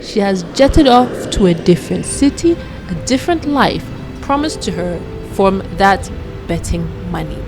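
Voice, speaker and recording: A woman narrating a story in a casual, chatty way, dropping her voice low for the quoted lines. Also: big pitch swings, unhurried, over music.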